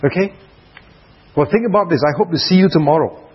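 A man preaching a sermon at a prayer retreat, dramatic, dropping to soft hushed passages. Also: fairly high pitch, a little fast, lo-fi sound, slight background noise.

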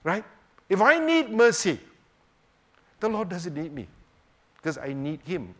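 A man teaching a sermon on the Psalms, swinging between emphatic rhetorical questions and hushed, quiet moments. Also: high voice, very animated, unhurried. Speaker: preacher.

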